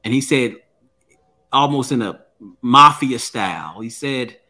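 Man, guest author, earnest storytelling, bright tense tone, repeats words. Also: medium pitch, lively intonation, unhurried. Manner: earnest, repeats words when starting a thought. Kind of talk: personal storytelling in an interview.

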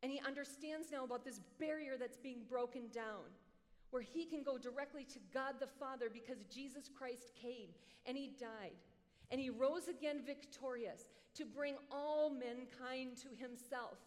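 A woman preacher giving a sermon in an animated, conversational way, with joking asides, in a large hall. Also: high voice, moderate pace. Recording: long hall reverb.

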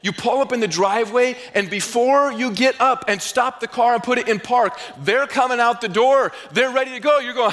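Pastor, male, from the Northeastern US, preaching with a high, bright voice and acting out little scenes; reverberant sanctuary sound. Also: moderate pace, few pauses. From Northeastern United States. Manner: animated storytelling with acted-out dialogue. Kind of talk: sermon.

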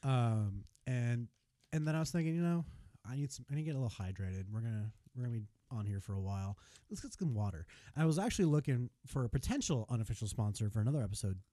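Rambling, animated American man on a podcast. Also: medium pitch, fast talker, dry recording. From United States. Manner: rambling, animated, many restarts and self-corrections. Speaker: podcast co-host. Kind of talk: casual chat.

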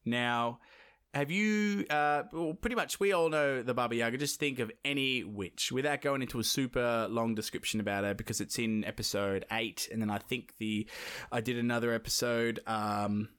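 A man's voice: mid-range voice, moderate pace, fairly bright tone, smooth. Podcast guy retelling a fairy tale, rambly, lots of jokes. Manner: rambling, laughing, jokey asides. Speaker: podcast host, storyteller. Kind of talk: casual storytelling chat.

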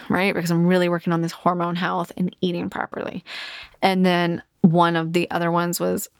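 Woman, podcast host, gravelly low voice, blunt and profane, casual solo talk, dry close sound. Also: dry recording. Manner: candid, swears freely, off the cuff.

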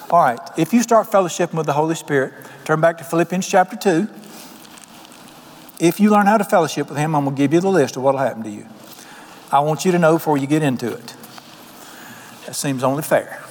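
A man's voice: on the high side, lively intonation, fairly quick, pauses often, a little mellow. A man preaching a sermon as pastor, telling homespun stories and asking his congregation questions. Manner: folksy storytelling preacher, quotes people in voices, asks the congregation questions. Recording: long hall reverb.

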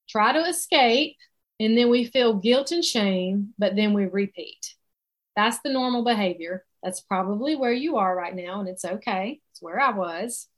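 A middle-aged woman from South Carolina with a Southern accent, leading a casual online coaching session on quitting alcohol, chatty and faith-centered. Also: medium pitch.

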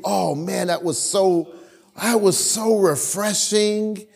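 A male pastor preaching a sermon in church, animated, swinging between loud emphasis and quiet asides and often repeating words as he restarts. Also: sits high, moderate pace, vocal fry.

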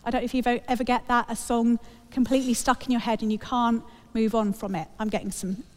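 A woman delivers a sermon with a chatty, wry humour. Her voice sits somewhat high. The sound carries a long reverb, as in a church hall. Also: level tone, fast. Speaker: preacher.

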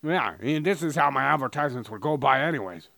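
A man's voice: medium pitch, animated, fast talker, vocal fry, sharp tone, no room sound. A man co-hosting a crude comedy podcast, rambling and joking, sometimes slipping into a mock advertiser voice. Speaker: podcast co-host.

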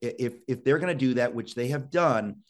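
A man's voice: mid-range voice, fairly quick. A male talk show host urgently exhorting his listeners, often restarting words in a rush.

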